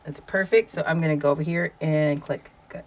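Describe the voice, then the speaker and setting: A woman voice actor with a low-pitched voice walks through her setup at home. She is chatty and explanatory, correcting herself as she goes. She is close on a quality studio microphone in a quiet room. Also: fairly even intonation, a little fast. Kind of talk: casual screen walkthrough. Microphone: studio condenser microphone.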